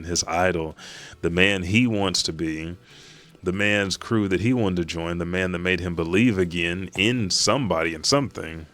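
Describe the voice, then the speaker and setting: A man hosting a manga reaction, retelling a chapter in a profane, animated way. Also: low-pitched. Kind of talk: casual chapter recap.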